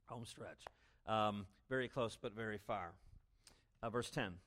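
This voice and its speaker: Emphatic male pastor preaching. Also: a little slow. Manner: emphatic, swings between loud stresses and low asides. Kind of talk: expository sermon.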